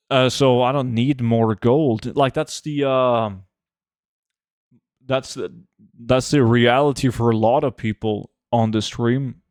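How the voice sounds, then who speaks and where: A man, streaming a game and chatting casually with viewers, relaxed and full of fillers. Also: mid-range voice, dry recording, clean studio sound. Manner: relaxed, answers chat with many fillers. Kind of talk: casual live-stream chat.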